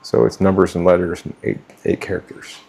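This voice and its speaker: A middle-aged man talks straight to his viewers with no script, blunt and full of swearing. His voice sits low and gravelly with a husky edge, and he pauses and restarts as he hunts for words. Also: little pitch movement, a little mellow. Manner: blunt, profane, stumbling over words. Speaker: vlogger giving life advice. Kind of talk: unscripted talk to camera.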